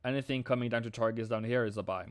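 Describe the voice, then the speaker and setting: A man hosting a live trading stream, excitable and slangy, calling viewers mate and bro. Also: medium pitch, fast talker, smooth, dry recording, studio quality.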